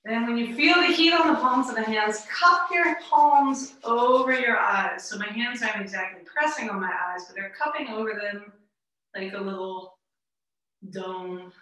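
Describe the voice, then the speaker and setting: A woman yoga teacher giving calm, gentle, step-by-step breathing instructions. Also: a little high, normal speed. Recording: roomy echo, mic at a distance.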